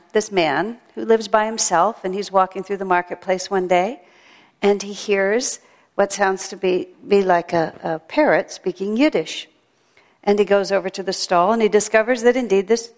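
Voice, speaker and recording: A woman's voice: mid-range voice, moderate pace. A woman giving a chatty, storytelling sermon at a temple. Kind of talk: sermon with a told joke. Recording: long hall reverb.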